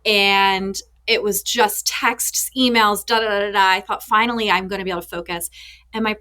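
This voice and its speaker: A woman therapist in her thirties, a podcast guest, who tells animated stories and acts out the quotes in them. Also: mid-range voice, moderate pace. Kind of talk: podcast interview.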